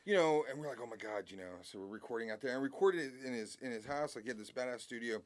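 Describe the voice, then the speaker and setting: A man's voice: mid-range voice, animated, rapid-fire. A man talking as a guest musician in a casual interview, rambling and heartfelt, with many restarts and swearing.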